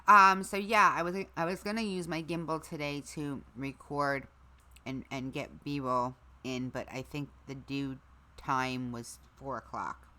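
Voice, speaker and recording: A middle-aged woman hosting a casual livestream, chatting to her viewers, her equipment and her dogs, her voice going hoarse. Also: very deep voice, steady tone, measured pace, sharp tone. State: losing her voice. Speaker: livestream host.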